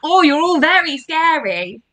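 A woman with a high, bright voice leads children through an interactive online storytelling session. She is upbeat and encouraging and keeps speaking directly to the young viewers at home. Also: big pitch swings, measured pace. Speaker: children's workshop leader. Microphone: online livestream.

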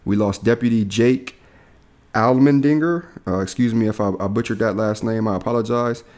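A man's voice: fairly low pitch, normal speed, a little mellow. A young man co-hosting a podcast, telling stories in a laid-back way with laughs and casual slang. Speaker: podcast co-host. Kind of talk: casual chat.

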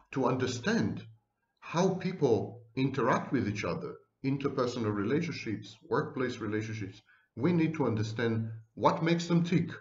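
A man gives a psychology lecture straight to camera, mixing dry humor and theatrical asides into his explanations. He slows down to stress key words with deliberate weight. The recording sounds roomy and a little dull. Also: medium pitch. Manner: wry, theatrical asides, slow deliberate emphasis. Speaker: psychology professor.

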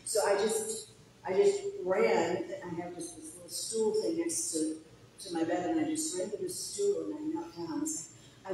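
A woman's voice: mid-range voice, moderate pace, warm tone, slight background noise. A woman guest pastor giving an earnest, personal conference sermon and sometimes laughing at herself. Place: church hall. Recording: echoey hall, distant mic.

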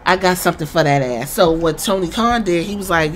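A podcast host with a lowish voice retells a story quickly and with few pauses, over slight background noise. She's casual and animated, swearing often and acting out every character.

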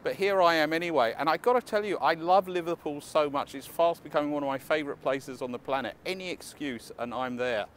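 A man's voice: fairly high pitch, fairly quick, few pauses, a bit bright. A man vlogging casually to camera outdoors on a city street, chatty and enthusiastic with wry asides. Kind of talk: casual walking vlog to camera. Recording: faint street noise outdoors.

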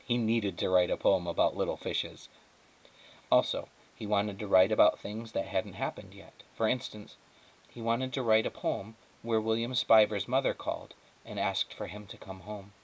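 A male teacher reading a children's chapter book aloud, narrating in a steady, measured way. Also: on the low side, low-quality recording. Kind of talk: storybook read-aloud.

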